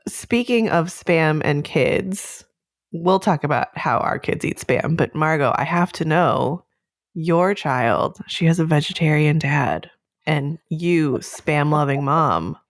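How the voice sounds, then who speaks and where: Woman podcast host, deep, slow, dry-sounding questions. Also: dry recording. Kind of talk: casual podcast chat.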